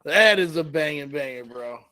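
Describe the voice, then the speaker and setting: A man co-hosting a comedy podcast, making slow, joking remarks and crude banter. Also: a little high, lively intonation, pushed and bright. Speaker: podcast co-host. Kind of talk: casual comedic chat.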